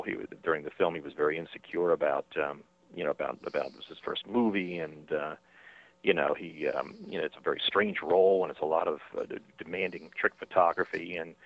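A man, an author being interviewed by phone, talking in a halting way with many fillers and restarts. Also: low-pitched, no room sound. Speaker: author and guest. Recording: tinny dry phone line.

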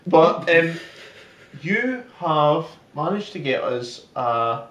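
A man's voice: fairly high pitch, sing-song, slow pace, a bit bright. Man bantering in a roomy club. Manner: joking, rambling, with frequent laughter. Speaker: podcast co-host. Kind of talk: casual banter. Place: comedy club room, off stage. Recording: roomy sound from a distant mic.

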